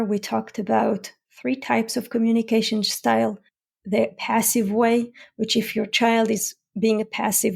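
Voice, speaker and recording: A woman hosting a solo parenting podcast as a parent coach, explaining calmly with everyday examples. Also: on the high side, vocal fry, husky. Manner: calm, explanatory, gives examples.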